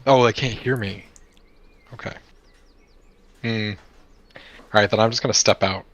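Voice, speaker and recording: A man's voice: fairly low pitch, fairly even intonation, measured pace, fairly bright tone, muffled recording. A man playing a tabletop game, chatting casually and thinking aloud with fillers. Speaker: player.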